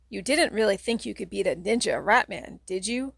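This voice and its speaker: A woman's voice: mid-range voice, lively intonation, moderate pace, creaky, fairly bright tone, no echo. A woman reading a children's horror audiobook aloud, telling a second-person story in a dramatic way. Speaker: audiobook reader.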